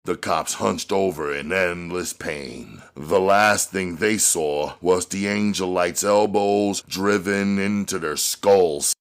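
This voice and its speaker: A man narrating an action novel aloud in a measured way that climbs on dramatic moments. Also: low-pitched, clean tone. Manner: measured, rising on action beats. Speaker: audiobook reader.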